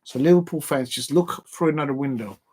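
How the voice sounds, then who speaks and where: A man hosting a football watch-along, speaking at a middling pitch for a man. He talks in a casual, opinionated way and addresses his viewers directly as he runs through his predictions. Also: fairly quick, a little mellow, breathy edge. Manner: chatty and opinionated, talking straight to viewers.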